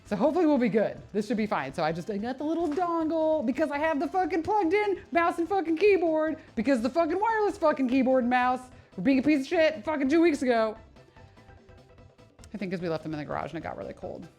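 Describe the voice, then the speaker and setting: A personal trainer streams live while working out, chatting casually, swearing, and laughing at herself often. Her voice sits high and she talks fast, with faint music in the background. She's animated and self-mocking.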